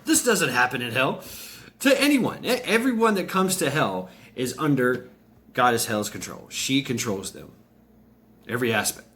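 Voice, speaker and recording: A man's voice: medium pitch, expressive, normal speed, a bit bright, a little hiss or hum. A man casually telling a story aloud, rambling, with many fillers and restarts.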